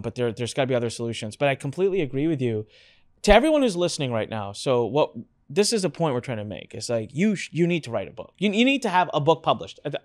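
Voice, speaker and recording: A male podcast host with a slightly high, very lively voice that swoops up and down as he tells a story. He acts out his relatives' reactions in an animated, casual way. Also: no room sound, clean studio sound.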